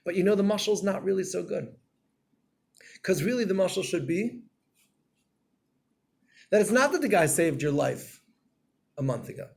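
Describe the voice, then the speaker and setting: A man giving a Torah class in a storytelling way, acting out scenes and getting loud and animated. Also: high voice, moderate pace, creaky, pauses often, husky.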